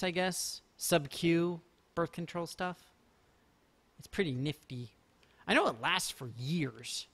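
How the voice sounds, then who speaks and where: A man chats through a live game stream in a rambling, easygoing way. His voice sits a little on the high side. He drifts between topics and pokes fun at himself. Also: fairly bright tone. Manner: rambling, chatty, self-mocking jokes. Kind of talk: casual live-stream commentary.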